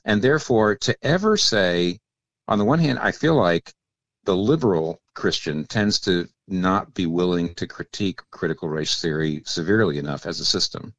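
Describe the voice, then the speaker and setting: Older guy, really deep voice, explaining theology slowly on a radio show, dry close sound. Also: expressive, a bit bright, no room sound, muffled recording. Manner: thoughtful, explanatory, with many restarts. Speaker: guest pastor and author.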